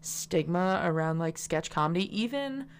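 A woman's voice: lowish voice, animated, moderate pace, clean tone. A young woman student guest on a film podcast, chatty and loose, filling her talk with likes and ums. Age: young adult. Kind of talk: casual film chat.

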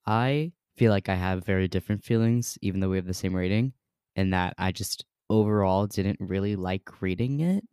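A woman with an unusually deep, low voice and a dark, mellow tone gives her candid take in a casual chat. She hesitates and restarts her thoughts. The sound is dry and close. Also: no echo. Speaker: book podcast co-host. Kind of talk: casual book review chat.

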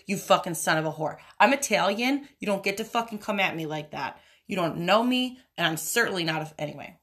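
A woman's voice: on the low side, expressive, fairly quick, hardly any pauses, fairly bright tone. Young female podcast host, casual profane monologue, brash ranting manner.

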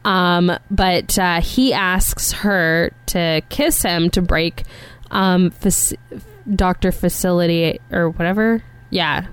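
A woman's voice: on the low side, smooth. A woman co-hosting a casual chat, recapping a film with plenty of "like" and "um". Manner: unhurried, fillers like "like" and "um". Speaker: podcast co-host.

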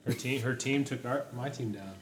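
A man co-hosts a podcast in relaxed, easygoing chat, often laughing along. His pitch sits in the middle range, and the room gives his voice a noticeable echo. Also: normal speed, a little hiss or hum. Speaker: podcast co-host. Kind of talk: casual chat. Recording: roomy echo.

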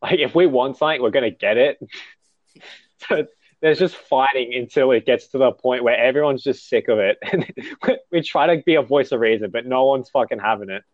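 A man's voice: medium pitch, fairly quick, dry recording, lo-fi sound. A man chatting casually, laid-back and swearing, saying "dude" and "bro". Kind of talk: casual chat.

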